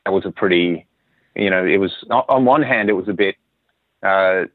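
A lowish-voiced Australian man chatting on a call as an interview guest. He rambles through his story with lots of restarts. The line is tinny and phone-like, with a dry, close sound. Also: normal speed, no room sound. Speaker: guest musician. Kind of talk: casual interview chat.

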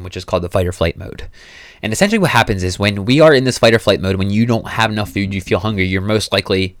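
A man's voice: lowish voice, fairly bright tone, no room sound. A man hosting a solo podcast, giving casual, profane nutrition advice with fillers and restarts. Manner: casual, profane, self-coaching. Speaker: podcast host.

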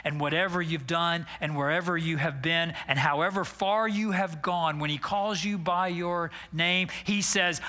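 A pastor in his sixties preaching a sermon with passion, moving between loud declarations and hushed, near-whispered lines. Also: a little high, a little slow, hardly any pauses. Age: 60s.

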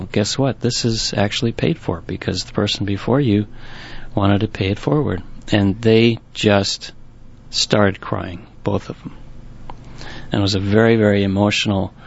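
A bookstore owner with a fairly low, gravelly voice tells rambling anecdotes during a storytelling interview, restarting often. The recording sounds dull and lo-fi.

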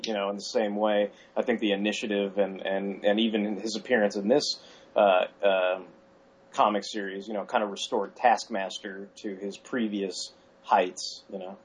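A man co-hosting a casual podcast chat, animated and acting out his own reactions. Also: lowish voice, normal speed, breathy edge. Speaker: podcast co-host. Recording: dull lo-fi sound.

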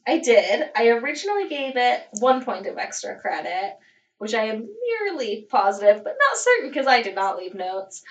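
A woman's voice: a little high, big pitch swings, moderate pace, distant mic, lo-fi sound. A woman hosting a podcast in casual chat, talking in a chatty way full of "like" and "um". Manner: chatty, lots of "like" and "um", laughs easily. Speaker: podcast host.

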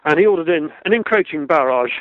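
A man's voice: on the high side, animated, fast, no room sound. A British man telling field sports anecdotes in a chatty interview, laughing often and repeating words as he goes. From Britain. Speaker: guest, field sports broadcaster. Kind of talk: conversational storytelling. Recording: tinny phone-like line, dry.

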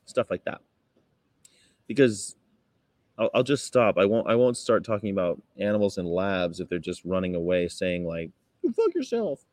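A man's voice: fairly even intonation, moderate pace, darkish tone, dry recording. A man casually chatting on a livestream, rambling, laughing often and reading things aloud. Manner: mock-sweet high voice for quoted politeness. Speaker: vegan activist livestreamer. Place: Chicago.

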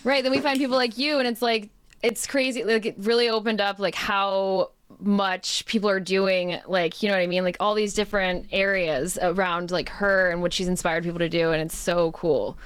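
A woman's voice: mid-range voice, fairly even intonation, normal speed, clean tone, no room sound. A young woman co-hosting a podcast, rambling casually with lots of fillers and quoting herself. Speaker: podcast co-host. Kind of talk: casual chat.

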